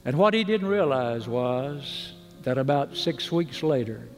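Middle-aged male preacher, earnest pleading altar-call delivery, mid-pitched, recorded in a reverberant large church. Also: lively intonation, faint music behind. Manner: earnest, pleading, drops soft and slow on key words.

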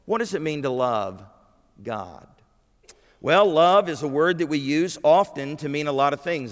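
Man, preaching a sermon, slightly high voice, emphatic, quizzes the congregation, long church hall reverb. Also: animated, moderate pace. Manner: emphatic, asks the congregation questions. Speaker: pastor. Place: church sanctuary.

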